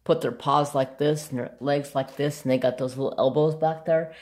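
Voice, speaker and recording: A man's voice: on the high side, fairly even intonation, normal speed, a little mellow, roomy sound. A man chatting casually to camera, telling a rambling story and sidetracking often, with blunt, offhand asides. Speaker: craft vlogger.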